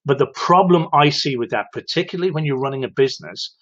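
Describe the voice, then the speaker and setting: A man of middle pitch talks through his point in a live-streamed advice show, patient and explanatory. He keeps checking in with his viewers through quick tag questions. The stream audio sounds muffled and lo-fi. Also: lively intonation, a bit bright. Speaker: host of a live show for electricians.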